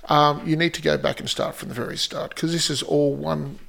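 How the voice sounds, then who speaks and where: Gravelly, teasing male podcast host. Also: on the high side, steady tone, fairly quick, a bit bright. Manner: dry, teasing, hesitant with many fillers. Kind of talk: casual chat.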